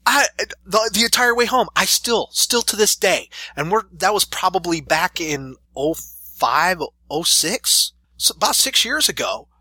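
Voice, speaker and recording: A man's voice: high-pitched, unhurried, husky, no echo. A man in his thirties, a pro wrestler, telling stories animatedly in a casual interview. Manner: animated storyteller, laughs through stories. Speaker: professional wrestler guest.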